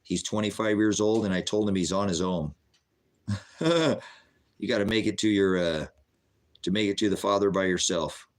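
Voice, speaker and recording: A man's voice: sits low, steady tone, fairly quick. A middle-aged man preaching bluntly on a livestream, answering viewers' chat questions in a combative, sermonizing way.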